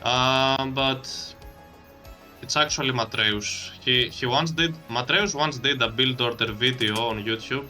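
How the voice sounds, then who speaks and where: A man's voice: mid-range voice, unhurried, bright, forceful tone, faint music behind. A man casting a strategy game match, breaking down plays analytically and laughing easily. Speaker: esports caster. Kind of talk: game commentary.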